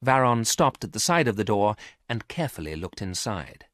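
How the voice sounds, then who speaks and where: A man narrating a graded story for English learners, reading clearly and carefully. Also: lowish voice, very animated, moderate pace, fairly bright tone, no room sound, clean studio sound.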